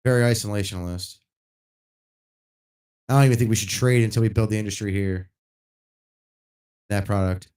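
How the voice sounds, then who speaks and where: A man's voice: lowish voice, steady tone, normal speed, pauses often. Blunt, profane man streaming. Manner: blunt and profane, rising loud when worked up. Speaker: gaming livestreamer. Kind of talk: casual rant while streaming.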